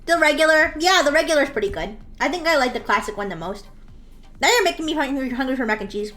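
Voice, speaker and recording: High-voiced giggly woman streamer. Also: expressive, fast talker, fairly bright tone, faint music behind. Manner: playful and giggly, laughs often; acts out a bratty daughter in jest. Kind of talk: casual live-stream chat while drawing.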